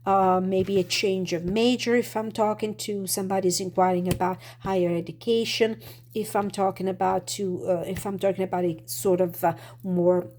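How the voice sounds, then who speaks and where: Slightly hoarse woman reading tarot. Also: medium pitch, fairly even intonation, moderate pace, a little mellow, a little hiss or hum. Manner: thoughtful, many fillers and restarts. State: slightly hoarse, clearing throat. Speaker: tarot reader.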